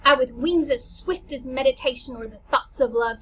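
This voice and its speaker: A woman's voice: high-pitched, moderate pace, fairly bright tone, lo-fi sound, slight background noise. A woman voicing a young prince eager for revenge, reading verse earnestly.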